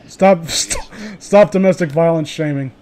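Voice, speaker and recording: A man's voice: fairly high pitch, unhurried, darkish tone, slight background noise. A young man reading fan fiction aloud with sarcastic, swearing comedic commentary. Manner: sarcastic, swears, laughs, mock voices for quotes.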